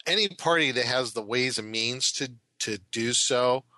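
A man's voice: medium pitch, moderate pace, bright, forceful tone, no room sound. A man co-hosting a casual tabletop game chat, joking and reacting with short laughs. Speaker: co-host and dungeon master. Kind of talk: casual chat about monster lore.

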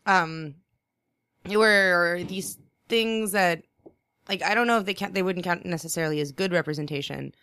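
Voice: mid-range voice, moderate pace, sharp tone, clear, resonant tone. A podcast co-host in casual chat, speaking in a thoughtful, hesitant way.

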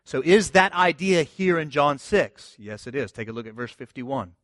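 Man, pastor, sermon, conversational, emphatic, rhetorical questions, mid-pitched voice, dry recording. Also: expressive, normal speed, fairly bright tone, no echo.

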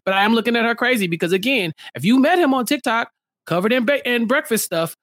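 Animated male podcast co-host, slangy and joking, dry close mic. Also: extremely high pitch, fast talker, dry recording. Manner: animated, playful, slangy, acts out quotes. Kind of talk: casual recap chat.

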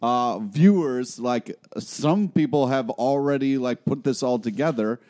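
A man's voice: medium pitch, a little slow, warm tone. A man co-hosting a podcast in casual chat, enthusiastic and geeky. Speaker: podcast co-host.

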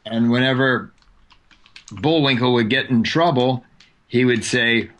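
A man's voice: medium pitch, fairly bright tone, slight background noise. A man hosting a podcast, chatting casually and telling long stories, stretching out his words at times. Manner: storytelling, chatty, drawn-out words. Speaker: podcast host. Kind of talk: casual chat.

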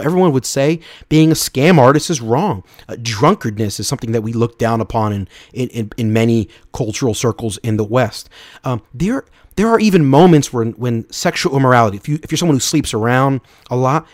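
A man's voice: medium pitch, darkish tone, dry recording, studio quality. A man hosting a podcast, giving an earnest, unscripted Bible teaching talk and often restarting and repeating words. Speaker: podcast host.

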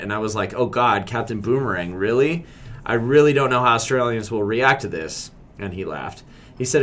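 A man's voice: medium pitch, fairly bright tone. A man co-hosting a podcast in casual chat, rambling and joking with many restarts and fillers. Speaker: podcast co-host.

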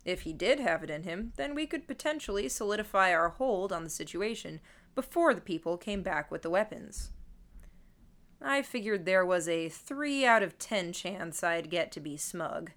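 A woman's voice: fairly low pitch, lively intonation, normal speed, fairly bright tone. Wry woman narrating an audiobook. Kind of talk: first-person audiobook narration.

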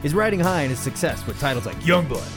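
A man's voice: on the high side, animated, fast, music in the background. A man co-hosting a casual comics podcast, laughing often and telling stories with animation. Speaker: podcast co-host.

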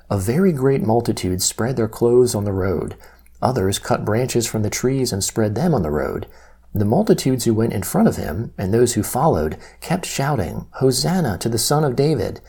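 A man reading Bible passages aloud in a steady, measured way, with quoted lines lifted slightly. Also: fairly low pitch, breathy edge. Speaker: Bible reader.

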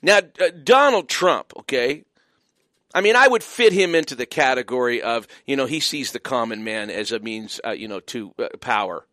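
A man's voice: mid-range voice, expressive, normal speed, bright, forceful tone, dry recording, studio quality. Emphatic, mocking talk radio man. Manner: emphatic, mocking, many fillers. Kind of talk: opinionated radio monologue.

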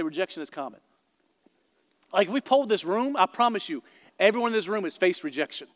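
High-voiced preacher in an echoing hall. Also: male voice. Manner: animated storytelling, quick asides to the congregation. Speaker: pastor. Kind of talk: sermon. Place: large church auditorium before a congregation. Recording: long hall reverb in a large room.

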